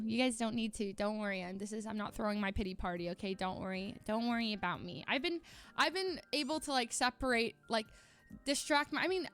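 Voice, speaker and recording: A young woman streamer chatting emotionally to her viewers, halting and rambling with many restarts. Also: a little high, a bit bright, soft background music.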